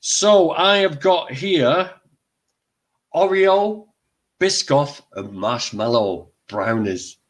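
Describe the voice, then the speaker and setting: An older man hosts a casual livestream, talking very slowly in a rather high, animated voice. He is chatty and exclaims often, and he eats while he talks.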